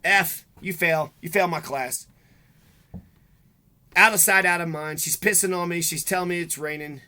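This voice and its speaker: A man's voice: a little high, normal speed, bright, forceful tone. A man delivering a rambling, bitter, profane monologue to the camera. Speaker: vlogger.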